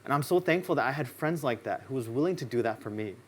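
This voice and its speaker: A man preaching a sermon in a relaxed, conversational way, telling personal stories and acting out what people said in them. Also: medium pitch, fast talker. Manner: casual, conversational storytelling; acts out quoted lines in his stories. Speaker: pastor. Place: church.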